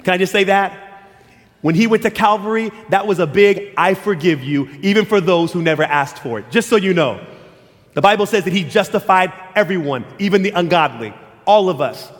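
A middle-aged man preaching a sermon as pastor, telling stories and acting out quotes in shifting voices. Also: a little fast. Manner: animated, acts out quotes in high and low voices. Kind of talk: sermon with storytelling. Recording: long hall reverb.

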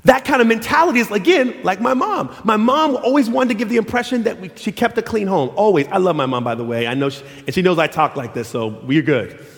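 A middle-aged man preaching a sermon as pastor, telling stories and acting out quotes in shifting voices. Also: fairly quick. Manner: animated, acts out quotes in high and low voices. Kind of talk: sermon with storytelling. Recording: long hall reverb.

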